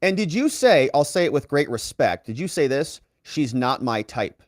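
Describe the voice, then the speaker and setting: A man working as a legal commentator, reading out courtroom testimony and lifting his voice for quoted lines, with quick asides to the viewer. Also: on the high side, no echo, clean studio sound. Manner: reads quoted dialogue in a raised, lively voice.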